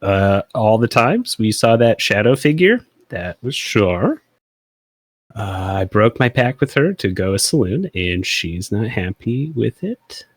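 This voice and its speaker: A man with a very low, husky voice plays his character at a tabletop game. He rambles in a laid-back way, his pitch swinging widely. The room sounds dry and close. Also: big pitch swings, unhurried, no echo. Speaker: player. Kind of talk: in-character tabletop role-play.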